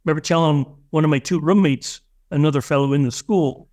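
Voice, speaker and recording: Interview guest: a man with a slightly high voice, earnest and emotional, storytelling with restarts. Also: fairly quick, a little mellow. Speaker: guest, spiritual teacher.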